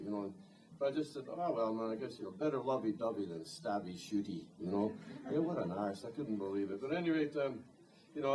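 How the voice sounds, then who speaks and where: Man, singer-songwriter, wry rambling stage banter, mellow voice, distant live recording. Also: lowish voice, slight background noise. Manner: rambling, wry, dry humor. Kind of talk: storytelling song introduction at a concert. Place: live concert venue. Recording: distant live concert recording, faint guitar.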